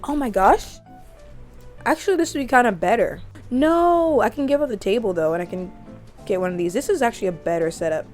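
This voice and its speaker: A young woman hosting a gaming channel, chatting excitedly as she narrates a life-sim game. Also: medium pitch, fast talker, soft background music. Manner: chatty, easily excited, gasps and laughs.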